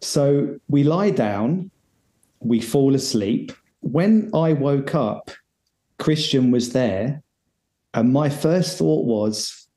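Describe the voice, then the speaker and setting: A man's voice: mid-range voice, animated, very slow, warm tone, roomy sound. A man guesting on a podcast, telling a rambling, self-deprecating story with lots of restarts. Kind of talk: casual storytelling.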